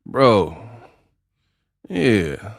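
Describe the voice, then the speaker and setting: A man's voice: fairly low pitch, very animated, very slow, gravelly, dry recording, clean studio sound. A man doing casual live-stream commentary, joking and laughing in slangy banter with his chat.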